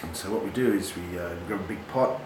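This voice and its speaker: Australian bloke, middle-aged, crude animated storyteller, echoey room with clear background noise. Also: male voice, low voice, fairly quick. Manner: swearing, animated, laughs at his own yarns. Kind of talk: casual storytelling.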